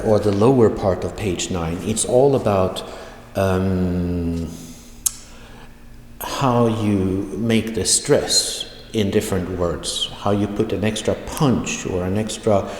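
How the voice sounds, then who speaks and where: A man teaching an online language lesson, speaking slowly and deliberately and repeating example phrases. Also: low-pitched, a little hiss or hum. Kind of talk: online video lecture. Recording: echoey room with long reverb.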